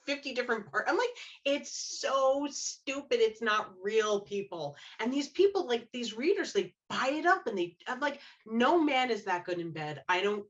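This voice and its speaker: Animated woman, dull lo-fi audio. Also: a little high, a little fast, few pauses. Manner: animated storyteller, acts out quotes. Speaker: romance author guest. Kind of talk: casual panel chat.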